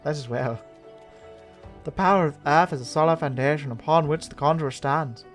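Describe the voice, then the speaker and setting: A man's voice: a little high, normal speed, lightly acted. A man voicing a solemn male earth conjurer who teaches, in an odd put-on accent and a formal way of speaking, with game music behind.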